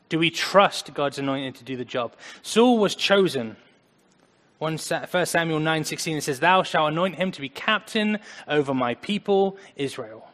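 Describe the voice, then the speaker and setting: A man preaching a conversational sermon, earnest, swinging between loud emphasis and quiet asides. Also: on the high side. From United States. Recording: long hall reverb.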